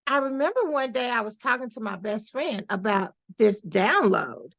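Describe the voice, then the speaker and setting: A woman guest on a podcast, telling a personal story in a lively, animated way, acting out the voices of the people she quotes. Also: fairly high pitch, moderate pace, vocal fry, lo-fi sound. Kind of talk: storytelling in a casual interview.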